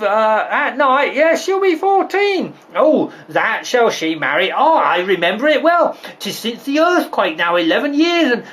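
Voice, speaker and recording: A man voicing a garrulous old nurse who rambles and breaks into high cackling laughter. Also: a bit bright, exaggerated voice.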